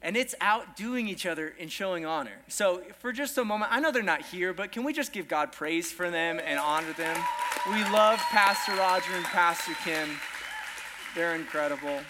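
Young guy preaching, kinda high voice, jokey and upbeat with the crowd. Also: brisk, few pauses, noisy background. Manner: playful, self-deprecating humor with rising excitement. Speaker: guest preacher. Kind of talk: energetic sermon. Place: church sanctuary with congregation.

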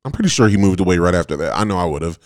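A man's voice: sits low, expressive, rapid-fire, dry recording, clean studio sound. A man in his late twenties, a podcast host, telling a rambling, profane story in a casual way with lots of "like" fillers.

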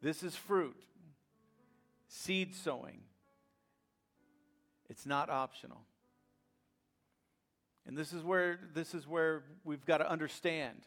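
A man preaches a sermon in a fairly high voice. He swings from quiet, low passages to loud, emphatic ones and leans on dramatic pauses. Faint music plays behind him. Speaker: pastor.

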